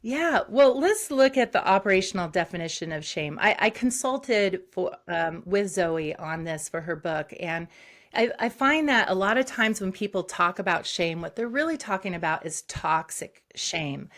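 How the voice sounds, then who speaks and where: A woman psychologist, a guest on an interview show, who explains concepts briskly and acts out short examples. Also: fairly low pitch. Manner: explains quickly with acted-out examples.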